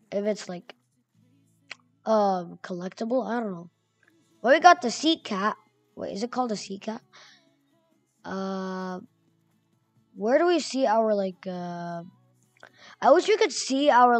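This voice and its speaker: A young woman giving excitable, chatty commentary while playing a video game, reading names aloud as she goes. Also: fairly high pitch, dry recording. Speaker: gamer. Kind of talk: gameplay commentary.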